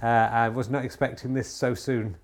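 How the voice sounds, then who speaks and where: A man hosting a podcast, doing mock snooker commentary at home in a deadpan ironic way, rambling with many filler pauses. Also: mid-range voice, creaky. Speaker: podcast host. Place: home TV room.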